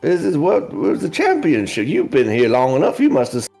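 Guy doing a gravelly old swamp mama, drawly and homespun, voice swoops up and down. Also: on the high side, huge pitch swings, a little fast, a little mellow, faint music behind, heavily acted. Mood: folksy. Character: folksy older swamp woman, Great Mama.

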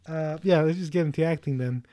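Man, slightly high voice, joking chat partner, laughs a lot, dry close mic. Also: warm tone, dry recording. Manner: jokey, laughing, acts out lines in quick asides. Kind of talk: casual chat.

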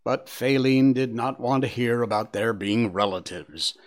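A man reading a storybook aloud with an expressive, varied delivery. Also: medium pitch, a little slow. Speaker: narrator.

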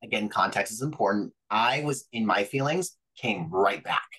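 Animated, profane man telling stories. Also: on the low side, moderate pace, husky, low-quality recording. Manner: animated, profane, acts out quoted voices. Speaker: podcast guest, pro wrestler. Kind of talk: casual interview storytelling.

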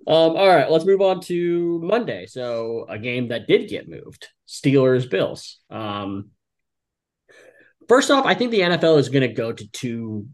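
A man co-hosting a sports podcast in casual chat, excitable and full of "like" and "um". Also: medium pitch, unhurried. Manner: excitable, leans heavily on "like" and "um". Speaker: podcast co-host.

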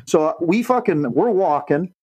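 A young man spins a rowdy, expletive-heavy anecdote as a podcast co-host. His voice sits a touch high and leaps all over the place as he acts out the other people in the story. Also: moderate pace, breathy edge, low-quality recording. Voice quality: profane, animated, acts out quoted voices. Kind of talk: casual storytelling.

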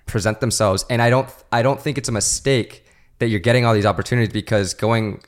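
A man's voice: fairly low pitch, steady tone, a little fast. A man co-hosting a podcast, talking earnestly with many fillers. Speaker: podcast co-host. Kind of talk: casual podcast conversation.

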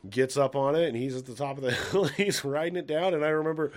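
A man's voice: a little high, fairly even intonation, fast talker. A man co-hosting a podcast, telling rambling, profane family stories and laughing at them. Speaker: podcast co-host. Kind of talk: casual storytelling chat.

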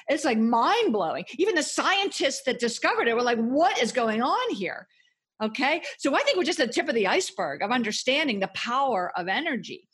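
A woman's voice: high-pitched, fairly bright tone, breathy edge. A woman guest author talking passionately and emphatically in a podcast interview. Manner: passionate, emphatic motivational talk.

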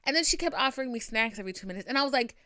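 Podcast host, woman, light Boston accent; animated, rambling and profane, with a smooth, clean voice. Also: on the high side, very fast, no echo, clean studio sound. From Boston area, US. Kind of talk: casual chat.

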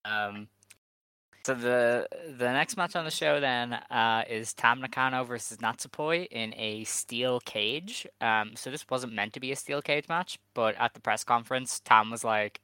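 A man co-hosting a casual podcast, laying out details and then cutting in with dry, sarcastic remarks. His voice is smooth and bright, and the mic sounds dry. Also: medium pitch, unhurried, no echo. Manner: dry, sarcastic rundown of the card. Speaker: co-host. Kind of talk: casual wrestling podcast chat.

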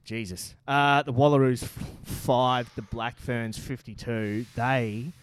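A man's voice: medium pitch, fairly even intonation, slow pace, slight background noise. An Australian man hosting a casual rugby talk show with laid-back, blokey banter. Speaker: podcast host.

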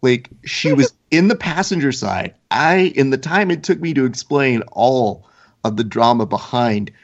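A man co-hosting a casual podcast, telling stories in a relaxed, laid-back way. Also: mid-range voice, a little slow. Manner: laid-back storyteller, mimics others with a put-on accent. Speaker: podcast co-host. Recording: slightly dull lo-fi audio.

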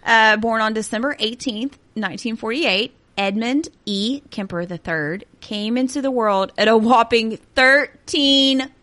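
A woman's voice: on the high side, unhurried, hardly any pauses, sharp tone. Laughing sarcastic woman podcaster. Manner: laughing, sarcastic, reads notes aloud. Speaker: podcast host. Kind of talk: casual true-crime chat.

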